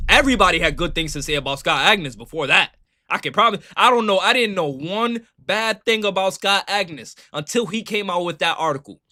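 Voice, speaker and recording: A man hosting a reaction video, ranting in an animated way and often asking "right?" to his viewers. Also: high-pitched. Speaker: reaction channel host. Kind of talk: heated reaction rant.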